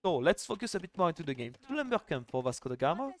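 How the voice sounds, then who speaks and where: A man's voice: fairly high pitch, big pitch swings, very fast. A young man casting a live strategy game final, chatty and joking, with lots of "like" fillers. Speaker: esports caster.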